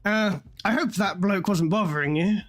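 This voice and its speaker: Game figure: courteous well-travelled gentleman, genteel and a bit rambling, voiced by a woman GM. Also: medium pitch, moderate pace, natural voice. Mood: polite. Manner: genteel, polite, slightly rambling. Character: smooth, worldly well-dressed scruffy man.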